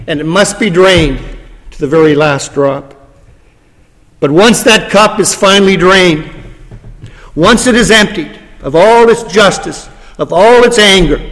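A man preaching a sermon, dramatic, slowing down and dropping his voice low for emphasis. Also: fairly bright tone. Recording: long hall reverb.

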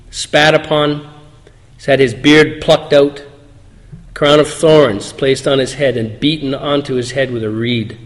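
A man reading scripture aloud and preaching a sermon in a church, in an earnest, measured way. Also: mid-range voice. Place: church sanctuary. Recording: long hall reverb.

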